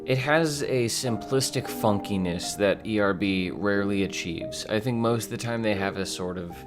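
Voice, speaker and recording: A young man in his twenties rambles through casual commentary, swearing freely and tripping over his own restarts. His voice sits a bit low for a man. Clear music plays underneath him. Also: moderate pace. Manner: rambling, profane, self-deprecating, many restarts. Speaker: video essayist.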